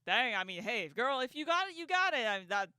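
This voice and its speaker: A woman talks through a casual reaction commentary with sarcasm and frequent laughter. Her pitch swings widely as she rants, often tripping over repeated words. The sound is dry and close, with no room echo. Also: sing-song, brisk, sharp tone. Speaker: online commentator.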